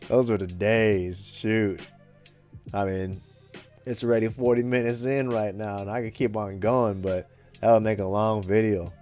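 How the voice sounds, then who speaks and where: A man's voice: fairly low pitch, darkish tone. A young man casually telling a rambling retail story, slangy and full of swearing and fillers.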